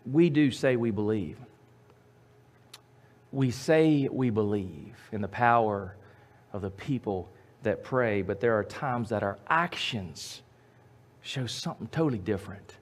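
A man preaching a sermon as pastor, emphatic, repeating his phrases and swinging from loud to quiet. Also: lowish voice, animated, unhurried, pauses often.

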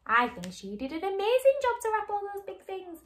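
A woman hosting a children's story time, reading aloud in a bright, expressive, sing-song way. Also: extremely high pitch, fairly quick.

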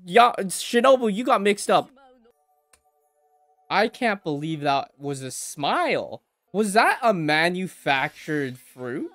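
A man hosting an anime reaction video, talking casually and excitedly, swearing and stammering as he swings from mumbles to loud outbursts. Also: high voice, no echo. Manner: swears, stammers and repeats words.

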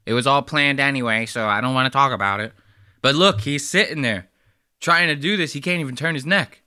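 With a mid-range voice that's sharp, clear and resonant, a podcast host talks a little fast as he reacts loosely and profanely to a video. The casual commentary comes through in clean studio sound with no room sound.

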